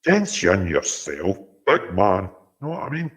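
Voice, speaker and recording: A man through a deep slowed-down voice changer. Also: very animated. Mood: mock threat. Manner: slow, drawling, explaining.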